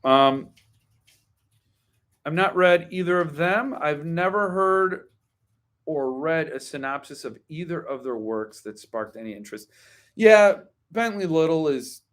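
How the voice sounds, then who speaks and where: Wry, grumbling book-chat host, slightly high. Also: male voice, measured pace, a bit bright. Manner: opinionated, wry grumbling rants; chatty, digresses with ums and asides. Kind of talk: casual live-stream book chat.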